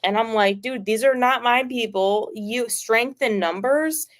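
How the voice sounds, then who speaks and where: A woman streamer telling a personal story casually, rambling and filled with "like", swearing freely and getting animated. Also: fairly high pitch, measured pace.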